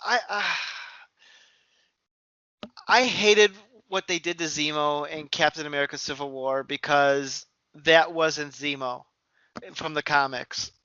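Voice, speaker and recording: A man co-hosting a podcast, chatting casually, opinionated and halting with fillers. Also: a little high, steady tone, sharp tone, clear, resonant tone, no echo. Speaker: podcast co-host. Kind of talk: casual chat. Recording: dry, dull lo-fi audio.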